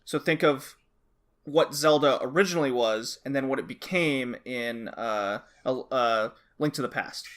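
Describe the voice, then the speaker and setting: A man's voice: mid-range voice, measured pace, fairly bright tone. A man co-hosting a casual podcast, explaining things at length with restarts and frequent check-ins with his co-host.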